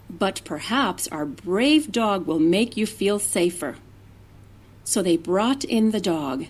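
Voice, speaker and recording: A woman teacher reading a children's storybook aloud, slowly and expressively, with animal noises and character voices. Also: medium pitch, a little mellow.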